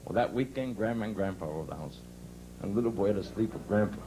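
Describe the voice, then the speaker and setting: A man's voice: on the low side, animated, very fast, background noise. A man doing stand-up for a live crowd, telling folksy dirty jokes and laughing at his own punchlines. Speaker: stand-up comedian.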